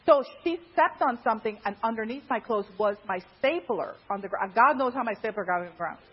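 Her voice is brisk and slightly rough as this Guyanese woman chats through a personal story, laughing frequently. Her pitch leaps around with animation, and the lo-fi recording sounds dull.

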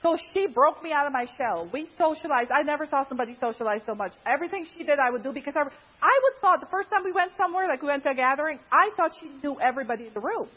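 A woman's voice: fast talker, hardly any pauses. A woman from Guyana casually telling a personal story in a chatty way, laughing often, on a dull lo-fi recording. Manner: chatty, laughs often, animated pitch jumps.

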